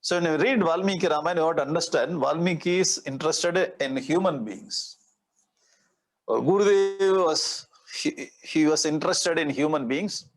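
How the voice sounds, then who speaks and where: A man's voice: fairly high pitch, normal speed, poor audio. A man with an Indian English accent giving a spiritual discourse as a swami, explaining scripture verse by verse, reciting Sanskrit lines and adding playful asides. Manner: explains verse by verse, repeating key words.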